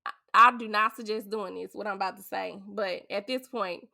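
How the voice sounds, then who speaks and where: A woman from St. Louis, a podcast guest and beauty business owner, telling a story in a chatty, animated way. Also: medium pitch, moderate pace, vocal fry. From St. Louis, USA. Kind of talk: casual storytelling.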